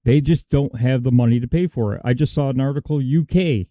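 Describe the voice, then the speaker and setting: Brief: male co-host, very dark mellow tone, dry close sound, emphatic and indignant. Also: medium pitch, fairly quick, dry recording, muffled recording. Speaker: talk show co-host. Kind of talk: casual political talk.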